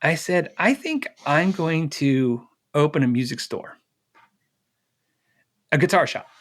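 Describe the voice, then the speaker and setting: A middle-aged man being interviewed, telling a personal story in a lively way, acting out the dialogue and laughing often. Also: fairly high pitch, takes it slowly. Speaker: interview guest.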